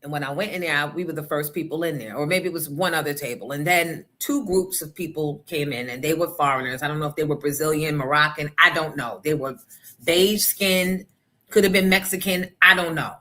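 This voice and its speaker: A woman hosting a morning show, telling stories in a blunt, profane, animated way. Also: low-pitched, brisk. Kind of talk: casual opinion talk.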